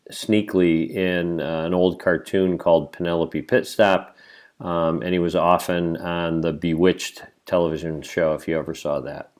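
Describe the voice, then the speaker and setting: A man with a low voice talks casually over a video, explaining who is who in an informal way. He keeps his asides plain and conversational. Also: a little mellow. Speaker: video commentator. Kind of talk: casual spoken commentary.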